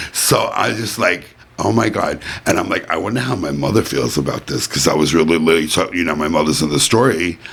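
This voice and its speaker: A man's voice: low-pitched, creaky, bright, forceful tone, husky. A middle-aged man hosting a casual home podcast, rambling and chatty, full of "basically" and "you know". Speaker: podcast host. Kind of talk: casual chat. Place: white-furnished room at home.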